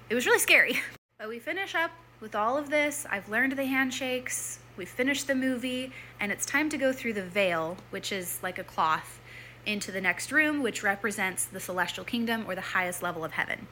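A woman's voice: a little high, lively intonation, normal speed, bright, forceful tone, a little hiss or hum. A young woman telling a personal story in a chatty way, full of "like" and "um", often acting out her own past thoughts. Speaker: former church member telling her story.

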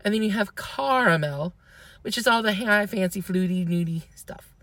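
A chatty woman from the American South talks in a casual, playful and opinionated way. Her voice sits at an ordinary middle pitch. The sound is dry and close, with no room around it. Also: fairly even intonation, fairly quick, no echo. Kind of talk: casual chat.

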